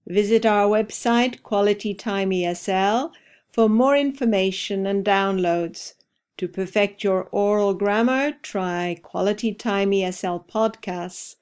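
A woman hosting an English-learning podcast, reading a scripted repeat-after-me drill with careful, deliberate enunciation. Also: medium pitch, darkish tone, clear, resonant tone. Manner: slow, carefully enunciated repetition. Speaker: ESL podcast teacher.

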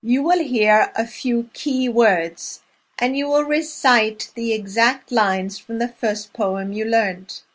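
A woman leading a language lesson drill, speaking slowly and clearly and pausing between words. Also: fairly high pitch, steady tone. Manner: clear, measured, spacing out each word. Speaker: language teacher. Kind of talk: slow, deliberate language drill.

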